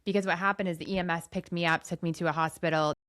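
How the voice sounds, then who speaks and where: Middle-aged woman coach hosting a panel podcast; earnest, heartfelt, slightly low voice. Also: steady tone, racing, fairly bright tone.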